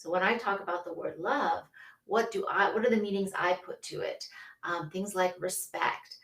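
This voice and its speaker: A woman hosting a casual livestream, chatty and quick to laugh, who greets viewers by name. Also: lowish voice, a bit bright, far from the mic. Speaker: livestream host. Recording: roomy echo, a bit off-mic.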